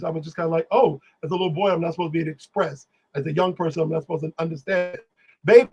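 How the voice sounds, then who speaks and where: A man guest, telling animated stories in casual talk, singing bits of lyrics and acting out voices. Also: high voice, husky, poor audio. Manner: animated, exclamatory, sings lyrics and acts out voices. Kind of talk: casual storytelling on a live stream.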